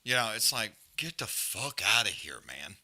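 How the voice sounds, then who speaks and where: A man's voice: lowish voice, big pitch swings, moderate pace, pushed and bright. A man hosting a live fight watch-along, trash-talking fighters in blunt, profane casual chat. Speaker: live stream host.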